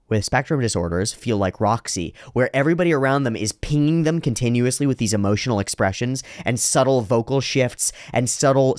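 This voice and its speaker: A man's voice: fairly low pitch, no echo, clean studio sound. A man hosting an anime reaction, thinking aloud in rambling reflective commentary with frequent restarts. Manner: drops into slow exaggerated voices for quoted lines.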